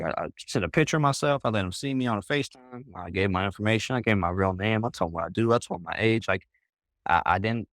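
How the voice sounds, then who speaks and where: A man with a fairly low voice tells a long story as a guest on a group voice call. He rambles casually, fills his sentences with "like" and "bro", and keeps restarting them. The sound is dry, with almost no room echo. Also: a bit bright. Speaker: interview guest.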